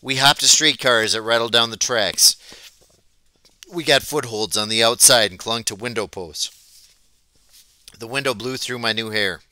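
A man reading a novel aloud as an audiobook, telling it in a plain, steady way. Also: mid-range voice, normal speed, long pauses, clear, resonant tone, no echo. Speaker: audiobook reader. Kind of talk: storybook read-aloud narration.

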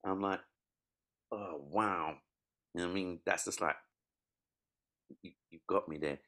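A man talks in a casual interview and tells lively stories, acting out what people said. His voice sits extremely low. He comes across as a comedian chatting about his life. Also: fairly quick. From East London. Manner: animated storytelling, acts out quotes.

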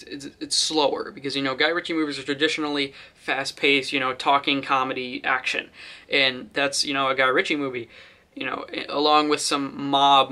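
Young man, casual vlog movie review, rambling, bright tone. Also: medium pitch. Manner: rambling, many fillers and restarts.

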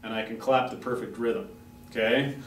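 A music instructor with a mid-range, steady voice speaks at a moderate pace, patiently explaining concepts and chanting rhythm syllables at a chalkboard. The classroom is echoey, the mic is distant, and there's faint noise.

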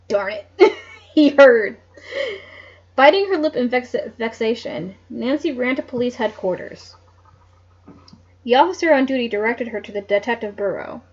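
A woman's voice: fairly high pitch, a little mellow. A woman reading a mystery novel aloud at home, adding chatty, joking asides between passages, on a dull lo-fi mic. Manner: chatty asides, laughs at the story. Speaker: narrator.

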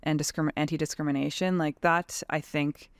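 A woman's voice: low voice, fairly even intonation, a little fast, no echo, studio quality. A woman in her thirties from Canada, a tradeswoman talking frankly and animatedly as a podcast guest, with lots of "like" in her speech. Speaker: guest, tradeswoman and advocacy leader. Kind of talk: casual podcast conversation.

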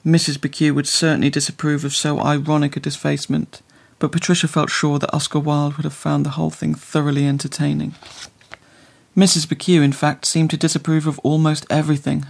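A man reading a literary story aloud in measured, scripted narration. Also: on the high side, level tone, vocal fry. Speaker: audiobook narrator.

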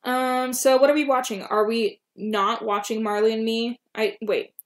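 A woman's voice: a little high, fairly even intonation, normal speed. A young woman reading her old fan fiction aloud, breaking off to laugh and make self-mocking comments. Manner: giggly, self-mocking asides. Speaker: YouTuber.

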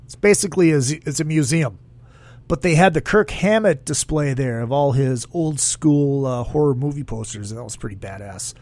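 A man's voice: a little high, gravelly. A man hosting a casual solo podcast, rambling in a crude, jokey way and reading listener comments aloud. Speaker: podcast host.

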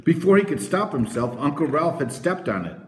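A man reading a children's novel aloud as narrator, with expressive storytelling. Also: on the high side, moderate pace, a little hiss or hum. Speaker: audiobook narrator. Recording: roomy echo.

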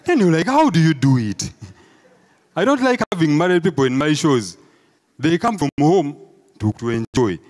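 A man with a Ugandan English accent doing a stand-up comedy set, telling animated stories and asking the crowd "eh?". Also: on the high side, normal speed. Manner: animated storytelling, acts out crowd voices, peppered with "eh?". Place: live comedy show before an audience.

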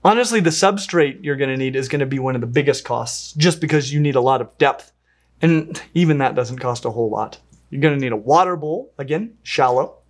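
A pet channel host giving an enthusiastic, playful review of a pet invertebrate, with lively swings in pitch and fond talk to the animal. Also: brisk. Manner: talks fondly to the animal while handling it. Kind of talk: pet care review vlog.

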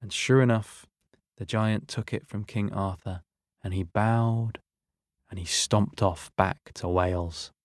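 A man's voice: on the low side, fairly even intonation, takes it slowly, no echo, studio quality. A man telling a story to children, narrating expressively and speaking to his young listeners.

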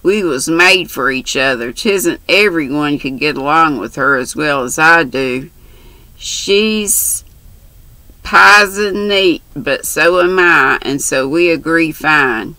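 A woman's voice: low voice, slow pace, sharp tone, dry recording, full character voice, poor audio. A woman voicing a brash, chatty country orphan girl who talks in bossy, boastful slang.

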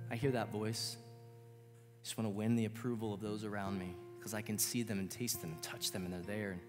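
A male pastor in his thirties preaches in a relaxed, earnest manner, joking at his own expense. His voice sits a little low and carries a long reverb from a church hall. Soft guitar plays clearly behind him. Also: normal speed. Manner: casual, earnest, self-deprecating humor. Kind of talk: sermon. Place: church sanctuary.

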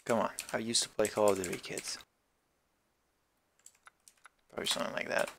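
A man's voice: on the low side, fairly even intonation, racing, a bit bright, slight background noise. A man giving casual let's-play commentary while gaming, rambling and wisecracking with plenty of swearing. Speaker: gameplay commentator.

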